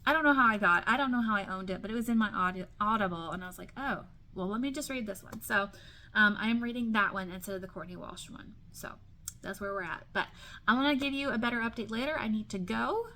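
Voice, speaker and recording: A woman chats about her books in a loose, rambling way, full of ums and restarts. Her voice sits at a middling pitch. Faint room noise hums behind her. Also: fast, sharp tone. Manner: chatty, many ums and restarts, light laughs. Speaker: book vlogger. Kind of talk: casual chat.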